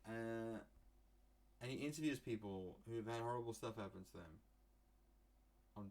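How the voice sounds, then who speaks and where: A man's voice: on the low side, moderate pace, a little mellow. A young man from England rambling through a casual solo podcast, joking and swearing freely as he goes. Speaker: podcast host.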